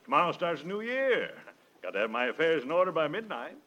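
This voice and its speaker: A man's voice: on the high side, very animated, fast, bright, forceful tone, highs cut off. A pompous blustering businessman. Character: pompous older businessman client, bossy. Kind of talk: 1950s radio comedy acting. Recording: old radio broadcast with faint hiss.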